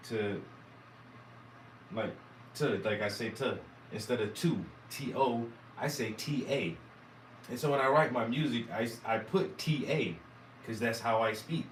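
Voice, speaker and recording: A man's voice: on the low side, fairly bright tone, reverberant, distant mic, a little hiss or hum, poor audio. A man from South Carolina with a Southern accent, rambling and swearing as he talks casually to his viewers. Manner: rambling, profane, self-amused. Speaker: vlogger and musician. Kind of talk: casual talk to camera.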